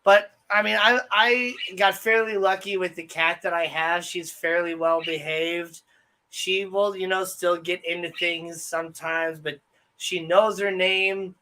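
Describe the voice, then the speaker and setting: A man's voice: high voice, a little slow. A young man co-hosting a livestream, telling rambling stories in casual chat with plenty of fillers. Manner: rambling, relaxed storytelling with fillers. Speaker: co-host.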